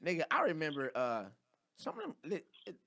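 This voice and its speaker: A podcast host tells stories in animated casual chat, his voice fairly high and bright. His pitch swings widely as he builds each story, and he keeps cutting in with "listen.". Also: a little fast, gravelly.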